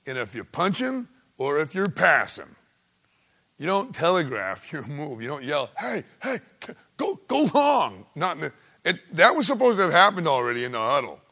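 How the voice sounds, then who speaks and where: A man preaching a sermon in a folksy way, swinging between loud exclaiming and hushed asides. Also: a little high, big pitch swings, normal speed. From United States.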